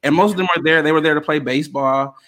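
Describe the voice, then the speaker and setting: A man's voice: a little high, quick pace, a bit bright. A young man co-hosting a casual podcast chat, telling laid-back stories and swearing casually. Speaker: podcast co-host.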